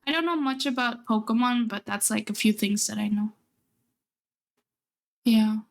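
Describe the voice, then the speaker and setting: A woman's voice: on the high side, normal speed, gravelly. Chatty young woman streamer. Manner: chatty and rambling, often laughing. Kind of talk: casual chat.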